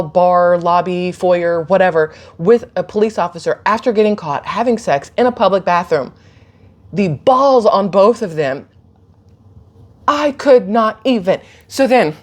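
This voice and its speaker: A woman, telling a story casually to her phone and acting out the people in it with lots of energy. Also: lowish voice. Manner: animated, chatty, laughs and gasps while retelling. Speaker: vlogger.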